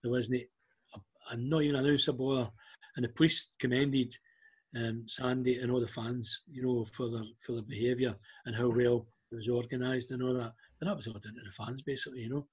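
A man's voice: mid-range voice, a little fast, husky. A middle-aged Scottish man telling a story in casual chat, acting out what people said. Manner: animated anecdotes, acting out quoted voices. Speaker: guest.

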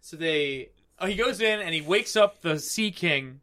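A man's voice: fairly high pitch, animated, unhurried, pushed and bright. A young man in casual chat, recapping a movie scene by scene and acting out the characters' lines as he goes. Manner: rambling, acts out scenes in quoted voices. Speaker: podcast co-host.

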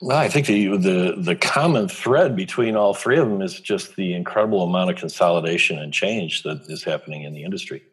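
Deep, husky-voiced man giving an interview. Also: fairly quick, few pauses. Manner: hesitant, many fillers and restarts. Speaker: guest, executive coach. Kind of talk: conversational interview.

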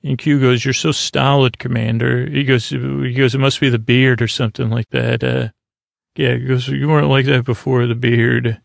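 Gravelly man recapping at a halting pace. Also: medium pitch, little pitch movement, no echo. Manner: halting, many filler sounds. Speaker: podcast host. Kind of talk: casual episode recap.

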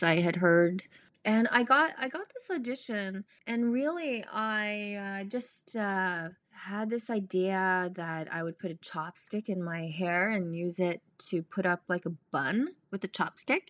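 A woman actress telling stories as a podcast guest, animated and laughing, acting out the voices of people she quotes. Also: medium pitch, no room sound. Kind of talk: casual storytelling interview.

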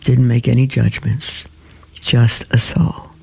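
A man's voice: medium pitch, slow pace, vocal fry, a little mellow, slightly rough. A middle-aged man hosting a live religious call-in radio show, talking earnestly with hesitant fillers and reading a story aloud.

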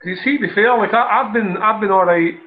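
A man's voice: high voice, fairly quick. A Scottish man in his thirties, a podcast co-host, chatting casually and laughing easily. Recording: dull lo-fi remote line.

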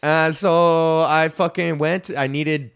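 Young male podcast host, rambling profane rant, light upper-pitched voice. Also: fairly even intonation, slow, fairly bright tone, smooth. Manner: profane, rambling, breaks into sung freestyle bits. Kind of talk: casual solo rant.

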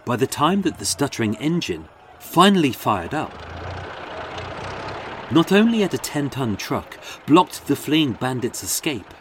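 A man's voice: medium pitch, slight background noise. A man narrating a true-crime story in a dramatic, scripted storytelling manner.

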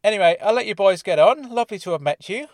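A calm, guarded mysterious woman from an audiobook tale, as a male narrator puts her on, measured and soft-spoken. Her voice sits fairly high and moves lively, with a close, dry sound. She keeps an air of quiet mystery throughout. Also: no echo. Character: mysterious woman claiming alien origin. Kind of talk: audiobook character voice.

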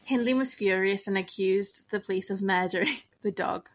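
A woman's voice: mid-range voice, moderate pace. A young woman, co-hosting a casual true-crime podcast, reading case notes and stopping to laugh and swear. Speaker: podcast co-host.

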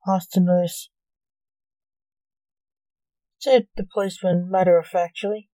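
A woman narrating a short story aloud in a plain, even reading manner. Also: medium pitch, normal speed, dry recording, rough recording.

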